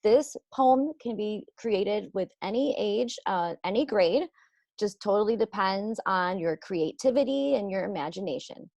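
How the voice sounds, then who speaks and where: A woman teacher walks young children through a lesson, slowly and patiently. Her voice has a gravelly, fry-tinged edge. The sound is close and dry, with no room around it. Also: medium pitch, animated, a little mellow, dry recording. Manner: slow, patient, explaining step by step.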